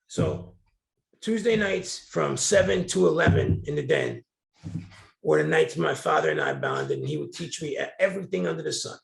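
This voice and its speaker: Gravelly middle-aged man telling stories. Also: fairly high pitch, huge pitch swings, normal speed. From New Jersey. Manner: candid, colorful storyteller. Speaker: guest. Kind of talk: storytelling interview. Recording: roomy echo.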